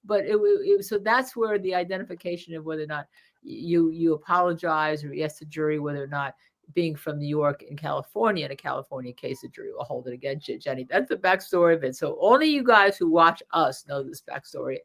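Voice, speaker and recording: A woman trial lawyer with a New Jersey accent, co-hosting a casual legal commentary show, chatty with many fillers and restarts. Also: deep voice.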